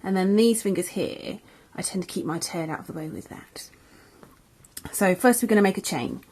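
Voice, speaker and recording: Chatty English woman teaching crochet. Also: medium pitch. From England. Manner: chatty, friendly, self-correcting. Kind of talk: casual tutorial.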